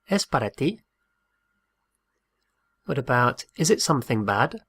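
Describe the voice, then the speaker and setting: A man's voice: medium pitch, sing-song, unhurried, fairly bright tone, husky, no room sound. A man teaching a Spanish lesson, patiently repeating each phrase and spelling words out letter by letter. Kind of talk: slow drilled language lesson.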